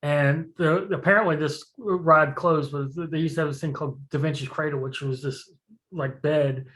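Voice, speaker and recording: A podcast co-host tells stories in casual chat, animated and profane, laughing as the tale unfolds. The voice is mid-range at a normal speed, captured on a low-quality recording.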